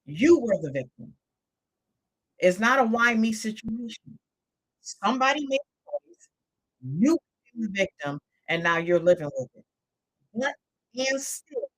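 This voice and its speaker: A woman's voice: on the high side, very animated, measured pace, pauses often, husky. An older woman talks to her live-stream audience as a coach. She is emphatic and repeats short phrases to drive her points home.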